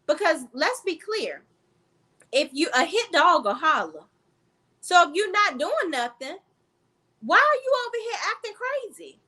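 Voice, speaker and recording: A woman's voice: very high-pitched, big pitch swings, measured pace, pauses often, sharp tone. A woman reviewing reality TV in a casual, blunt and profane commentary vlog, talking straight to her viewers. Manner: talks straight to the viewers as "sis" and "y'all".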